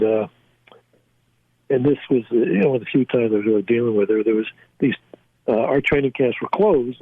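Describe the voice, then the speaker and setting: Older man, halting storyteller, lots of fillers, tinny phone line, dry sound. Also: medium pitch, dry recording. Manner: halting, many fillers and restarts, laughs at own stories. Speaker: guest, former team scout. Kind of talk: storytelling in a casual interview.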